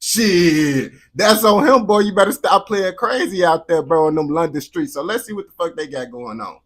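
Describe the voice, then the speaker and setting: An American man hosting a reaction video, talking in a slangy, profane, animated way. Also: on the high side, moderate pace. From United States. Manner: slangy, animated, swears constantly. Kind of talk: profane casual reaction commentary.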